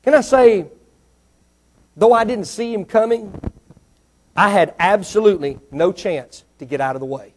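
A male preacher delivering a sermon, moving between quiet storytelling asides and loud, emphatic declarations. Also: moderate pace, pauses often, a little hiss or hum. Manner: swings from low asides to loud ringing declarations.

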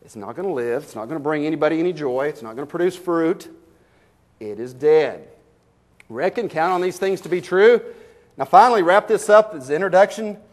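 A fairly high-voiced man preaching. He tells folksy stories and fires rhetorical questions at the congregation, swinging from loud bursts to slow, emphatic lines. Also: animated. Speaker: pastor. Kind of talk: sermon.

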